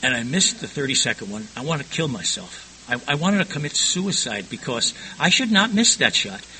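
A man's voice: mid-range voice, sing-song, brisk, pushed and bright, slight background noise, low-quality recording. An older man frankly recounting his past in a rambling personal testimony, often stumbling and repeating words.

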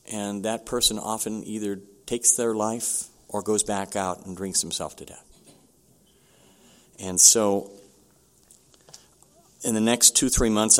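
An older man telling his own recovery story at a meeting, candid and halting, with many restarts. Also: low voice.

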